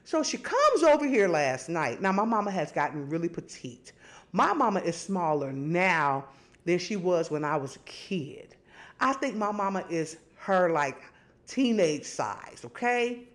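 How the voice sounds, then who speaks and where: A middle-aged woman, hosting and telling stories in casual, animated chat. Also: a little slow. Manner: animated storytelling, swings high and low. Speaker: host.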